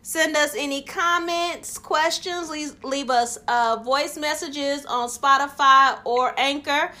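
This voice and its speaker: A woman's voice: high-pitched, slow, bright, forceful tone. A woman hosting a podcast, teasing and laughing in casual chat, wrapping up the show. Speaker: podcast host.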